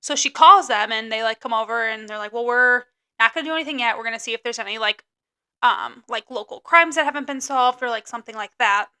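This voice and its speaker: Young female co-host; high, bright, easygoing voice, rambling casual storytelling. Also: fast. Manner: laid-back, many fillers like "like" and "um". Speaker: podcast co-host. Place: indoors, filming on a phone.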